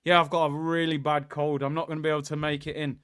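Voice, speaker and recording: A man voicing a young man faking a cold to get days off work, talking in a croaky, pitiful way. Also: a little high, level tone, fast, a bit bright, no echo, studio quality, close to an everyday voice.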